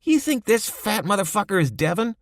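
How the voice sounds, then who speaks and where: A man's voice: high voice, sing-song, brisk, no room sound, clean studio sound, pitched above the performer's own voice. A man voicing a crude, volatile young male drug dealer in an audiobook, swearing and lashing out. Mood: scornful. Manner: profane, aggressive outbursts. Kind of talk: audiobook character voice.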